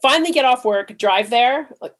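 Animated woman co-host telling a story. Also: sits high, moderate pace. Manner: animated, swears while telling stories. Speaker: podcast co-host. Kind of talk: casual storytelling chat.

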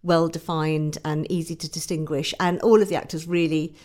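A woman hosting a comedy podcast in casual conversation. She encourages her guest warmly. Her voice sits slightly low. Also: level tone, moderate pace. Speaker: podcast host.

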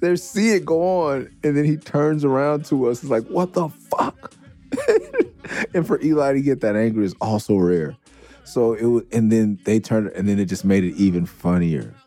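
A middle-aged man hosting a podcast, telling stories in a casual, animated way, laughing and swearing freely. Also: mid-range voice, fairly quick. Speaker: podcast host. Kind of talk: casual storytelling.

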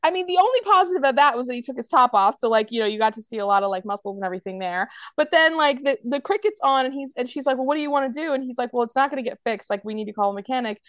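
High-voiced American woman chatting. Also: expressive, racing, hardly any pauses, fairly bright tone, no echo. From United States. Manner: rambling, heavy use of "like", acts out quotes. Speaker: podcast co-host. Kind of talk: casual chat.

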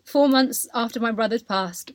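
A woman's voice: on the high side, moderate pace, a little hiss or hum. A young woman hosting a podcast, telling a personal story in a candid, emotional way with lots of fillers and restarts. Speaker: podcast host.

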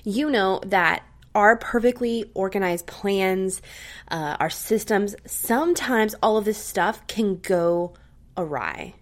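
A woman's voice: medium pitch, takes it slowly. Upbeat chatty woman podcast host. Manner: upbeat and chatty, with frequent tag questions. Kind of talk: casual advice talk to listeners.

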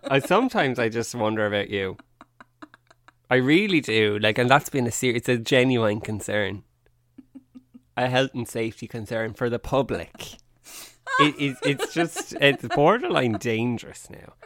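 A man's voice: medium pitch, animated, moderate pace, a bit bright, dry recording, clean studio sound. A man co-hosting a casual chat, joking and rambling with plenty of swearing. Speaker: podcast co-host.

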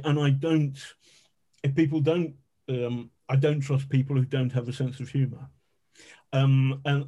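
A man's voice: mid-range voice, warm tone. A man, a journalist telling anecdotes as a podcast guest, rambling with restarts and the odd swear word. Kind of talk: storytelling in an interview.

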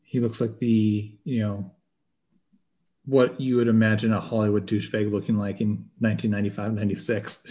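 A man's voice: lowish voice, level tone, brisk, dark tone. A man co-hosting a podcast, chatting casually about a film, reminiscing and laughing easily. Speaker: podcast co-host. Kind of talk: casual movie chat.

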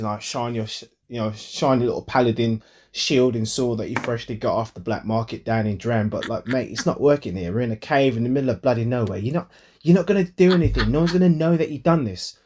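A man's voice: dark tone, a little hiss or hum, close to an everyday voice. A man voicing a cocky street-talking adventurer in a tabletop game, slangy and dismissive. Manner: slangy, dismissive, low and laid-back.

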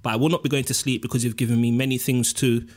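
A man's voice: mid-range voice, flat delivery, racing. A man, co-hosting a podcast with joking, slangy banter. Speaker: podcast co-host. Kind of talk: casual chat.

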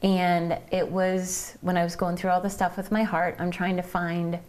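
A woman's voice: fairly low pitch, little pitch movement, normal speed, a little mellow. A woman from Ohio co-hosting a faith podcast, explaining earnestly in casual chat and backing her co-host with frequent "mm-hmm"s. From Ohio, United States.

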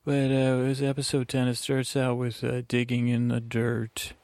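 With a monotone, darkish mid-range voice at normal speed and no echo, the man hosts a sleep podcast from a lakeside getaway. His talk meanders sleepily in circles, broken by his own interruptions.

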